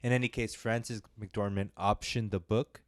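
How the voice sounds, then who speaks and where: A young man with a lowish, smooth, clean voice, chatting about films on a podcast. He rambles, drops in fillers and self-deprecating jokes, and sounds close and dry on the mic. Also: fairly even intonation, normal speed, no room sound. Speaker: podcast co-host reviewing films. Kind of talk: casual podcast chat.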